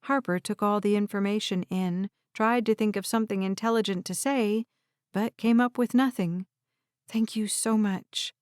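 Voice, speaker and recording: A woman narrating an audiobook in an even, unhurried reading style. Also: mid-range voice, clean tone, no echo, clean studio sound. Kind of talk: scripted narration.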